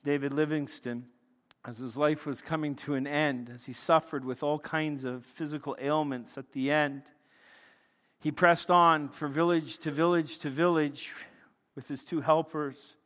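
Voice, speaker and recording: Preacher in a big echoing hall. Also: male voice, on the high side, a little slow. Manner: animated, swings from loud excitement to hushed intensity. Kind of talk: sermon with storytelling. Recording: long reverb of a large hall.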